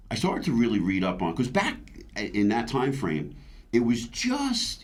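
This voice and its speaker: A man in his fifties, a veteran bodybuilder, telling his story earnestly in an interview, with frequent restarts and stammers. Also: on the low side. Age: 50s. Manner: retells his own past words aloud.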